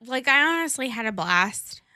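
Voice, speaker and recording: Woman podcast host, bright clear voice, dry close sound, blunt jokey chat. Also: fairly high pitch, lively intonation, moderate pace, no room sound. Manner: blunt, joking banter. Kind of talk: casual chat.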